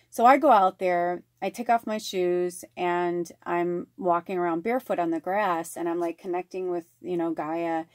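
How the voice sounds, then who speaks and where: A woman reading oracle card messages in a slow, measured way and telling a chatty personal story full of fillers. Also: lowish voice, darkish tone, no echo, studio quality. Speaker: spiritual card reader.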